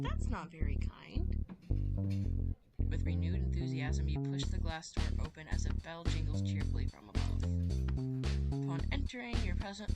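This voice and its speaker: Woman streamer, slow, lively pitch, reads a visual novel with squealy chatty asides, loud music behind. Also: creaky. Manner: chatty, with sudden squealing excitement. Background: background music.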